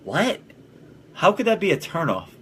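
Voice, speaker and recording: A man's voice: high voice, wildly swooping pitch, moderate pace, bright, forceful tone, a little hiss or hum. A young man hosting a casual solo podcast, blunt and profane, who often laughs at his own jokes. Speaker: podcast host.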